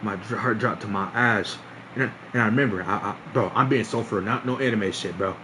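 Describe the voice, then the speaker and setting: A man's voice: on the low side, a little fast, background noise. A young man streaming, telling a long story in a casual, rambling way, full of slang, swearing and repeated phrases.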